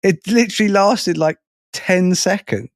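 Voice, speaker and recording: A man co-hosting a podcast, talking casually in halting restarts and swearing freely. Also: high voice, no room sound, clean studio sound. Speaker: podcast co-host.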